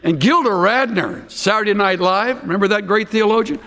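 An older man preaching a sermon, telling stories and swinging from hushed asides to shouted emphasis. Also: sits high, animated, moderate pace, noisy background. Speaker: pastor. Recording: long hall reverb.

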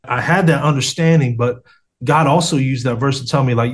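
A man's voice: medium pitch, brisk. A man telling his faith story in an interview over a video call, earnest and street-casual, often saying "man" and "bro".

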